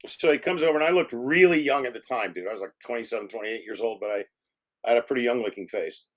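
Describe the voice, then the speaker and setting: A man, a film director, telling animated anecdotes in a casual interview, swearing freely and acting out other people's voices. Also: medium pitch, fast talker.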